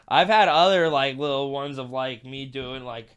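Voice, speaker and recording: A man's voice: medium pitch, normal speed, fairly bright tone, smooth. A young man and guest comedian telling loose, profane stories in casual podcast chat, laughing often.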